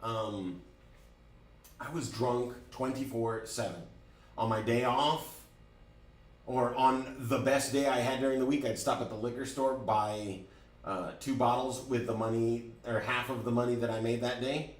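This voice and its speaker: A man at middle pitch tells a personal story to a class, candid and animated, often restarting his phrases. His voice carries from a distance. The room around him is echoey. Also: a little slow. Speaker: driving school instructor. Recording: roomy, from a distance.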